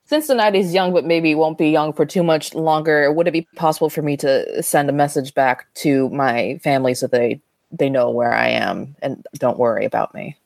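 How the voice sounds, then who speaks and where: A woman's voice: deep voice, moderate pace, vocal fry, darkish tone, no room sound. A woman playing a tabletop role-playing game, politely speaking for her character. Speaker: player.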